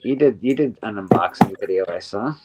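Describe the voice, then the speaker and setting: A man's voice: lowish voice, animated, fairly quick, very noisy. A man hosting a casual podcast chat, laid-back, laughing easily and swearing casually. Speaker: podcast host.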